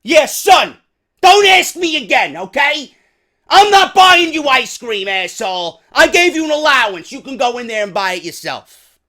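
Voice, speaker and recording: A man playing a fed-up father who yells rudely at his son. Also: very high voice, very animated, normal speed, voice pushed up, heavily acted. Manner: yelling, rude.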